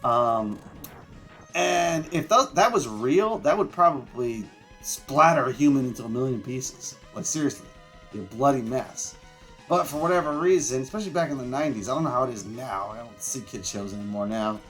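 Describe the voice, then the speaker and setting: A man's voice: medium pitch, normal speed, a bit bright, soft background music. A man giving rambling, casual commentary while playing a video game, with lots of fillers and some mild swearing. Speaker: gameplay streamer. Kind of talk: casual let's-play commentary.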